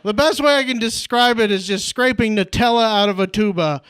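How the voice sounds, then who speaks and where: A man's voice: high-pitched, a little fast, a bit bright, smooth. A young man from Indiana performing a stand-up comedy set, peppering his lines with "like" and "right?" and laughing at his own jokes. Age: young adult. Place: comedy club stage.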